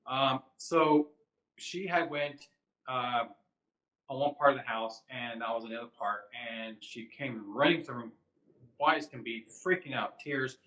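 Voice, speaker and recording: A man's voice: mid-range voice, measured pace, pushed and bright. A man co-hosting a casual chat, answering listener questions in a rambling, loose way with frequent laughs. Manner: rambling and loose, laughs often, many fillers. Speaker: podcast co-host. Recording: roomy echo.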